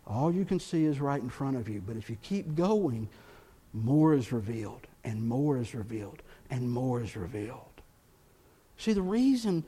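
A man's voice: high-pitched, darkish tone. A man preaching a sermon as pastor, building emphasis and acting out quoted prayers and doubts.

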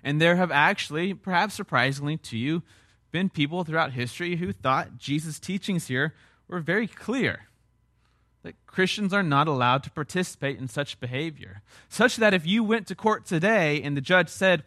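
A man's voice: a little high, lively intonation, moderate pace, bright, forceful tone, dry recording, clean studio sound. A man preaching a sermon as a pastor, earnest and emphatic, with repeated phrases and rhetorical questions.

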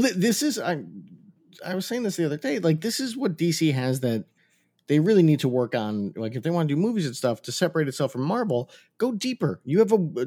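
A man's voice: fairly high pitch, darkish tone. A middle-aged man co-hosting a podcast, chatting and laughing through his stories. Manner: chatty, quick asides, laughs while telling stories. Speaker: podcast co-host. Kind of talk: casual chat.

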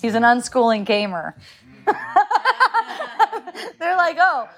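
A woman's voice: mid-range voice, moderate pace. Laughing, rambling middle-aged mother. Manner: laughs often, rambling with many restarts. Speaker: parent telling a story. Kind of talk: casual storytelling chat.

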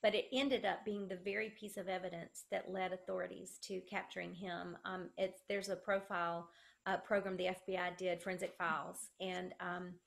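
Middle-aged woman, slow earnest testimony, gravelly fry in the voice. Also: lowish voice, level tone, fairly bright tone. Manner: earnest, slow, reads a letter aloud. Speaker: guest sharing her testimony. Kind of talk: emotional personal testimony.

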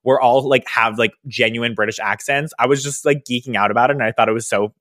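A young man hosting a podcast, telling a story in a casual, animated way with lots of fillers. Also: medium pitch, fast talker, no room sound, clean studio sound. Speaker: podcast host, hairstylist business educator.

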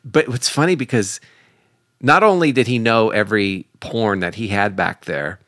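A man's voice: on the low side, moderate pace, dry recording, studio quality. A man co-hosting a podcast, telling a funny story in casual chat with lots of laughter and acted-out voices. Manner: animated, laughing storyteller acting out quoted voices. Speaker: podcast co-host.

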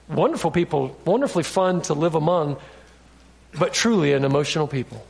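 A man preaching a sermon, animated and storytelling, acting out the voices of the people he quotes. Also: sits high. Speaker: pastor.

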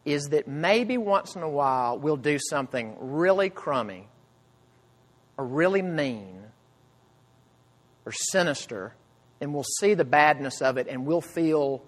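A man preaching a sermon with earnest emphasis, swinging between loud cries and hushed low phrases. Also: animated, unhurried, big-room sound. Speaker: pastor.

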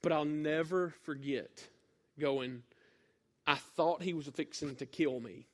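A man from northeast Mississippi with a Southern accent, preaching a sermon and telling a folksy story with sudden loud bursts. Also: a little high, slow.

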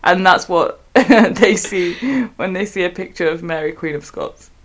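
A woman's voice: on the low side, measured pace. A woman co-hosting a casual chat and reading letters aloud, giggling often as she talks. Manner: giggly, laughs often mid-sentence. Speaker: podcast co-host.

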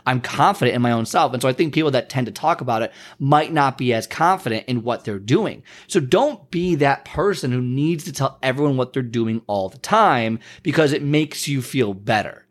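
A man's voice: mid-range voice, lively intonation, normal speed, few pauses. A man giving a casual motivational rant, rambling and acting out the friends he quotes. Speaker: motivational speaker.

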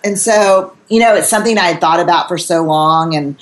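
A woman guest, a researcher and academic, telling lively anecdotes in casual conversation, quoting others and laughing often. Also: lowish voice, brisk.

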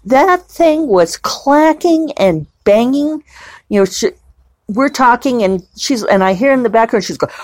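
A woman's voice: on the high side, lively intonation, unhurried, a little mellow, dry recording. A woman novelist chatting casually at home in a rambling, digressive way, with plenty of fillers. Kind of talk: casual vlog chat.

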